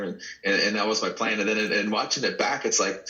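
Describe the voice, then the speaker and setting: A man from Dallas, Texas, with a fairly low voice and a forceful, bright edge, chatting as a wrestling guest. He tells stories animatedly, stumbling and restarting as he goes. The sound is dull and lo-fi. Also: fast talker. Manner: earnest, animated storyteller with repeated restarts. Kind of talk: casual interview chat.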